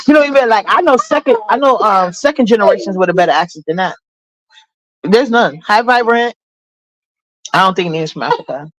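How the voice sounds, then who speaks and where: A woman's voice: medium pitch, rough recording. A woman hosting a livestream, talking bluntly and with sass straight to her chat. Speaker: livestream host.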